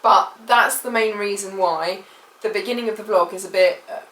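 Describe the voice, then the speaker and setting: In a medium-pitched, fairly bright voice at normal speed, a British woman vlogs about a personal trip. She rambles emotionally, leaning on lots of fillers, and the distant mic picks up an echoey room.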